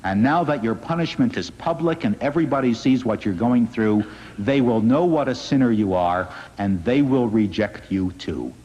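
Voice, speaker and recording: A man, a rabbi, giving an inspirational public talk in an earnest, gently wry storytelling manner. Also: fairly low pitch, slightly rough. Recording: dull lo-fi recording in a reverberant hall.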